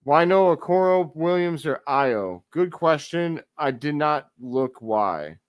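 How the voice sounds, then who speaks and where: Excitable man calling a game. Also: a little high, slow, no room sound, highs cut off. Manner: excitable fan, talks to chat. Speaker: live stream host. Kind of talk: casual play-by-play commentary.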